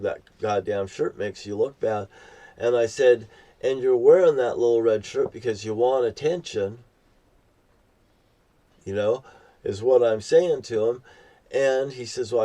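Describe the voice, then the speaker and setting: Recorded far from the mic outdoors by a beach, an older male vlogger tells a rambling personal story in a profane, ranting way. His voice is low-ish, warm, and slightly rough.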